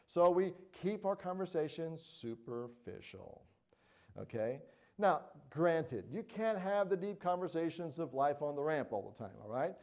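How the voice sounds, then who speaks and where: Earnest middle-aged preacher, mellow voice. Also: male voice, a little high, expressive, unhurried. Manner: earnest, conversational, frequent "all right?" and "you know". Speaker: pastor. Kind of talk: sermon.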